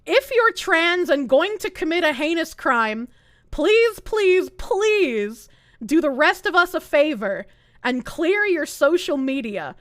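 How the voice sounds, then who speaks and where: A woman's voice: high voice, sing-song, slow, a bit bright, no room sound, studio quality. A woman streamer ranting live in heated, sarcastic, profane commentary. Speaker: Twitch streamer.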